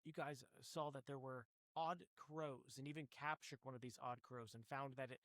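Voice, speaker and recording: A man's voice: medium pitch, fairly even intonation, moderate pace, a bit bright, no room sound. A man narrating as game master of a tabletop horror game, often restarting his words as he explains the scene.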